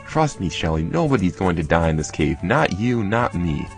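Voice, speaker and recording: A man's voice: low voice, very animated, normal speed, gravelly, pitched above the performer's own voice, full character voice. A man putting on a raised voice for an earnest young man who is lost in a cave and reads game dialogue aloud. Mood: reassuring. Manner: earnest and reassuring. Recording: faint game music behind.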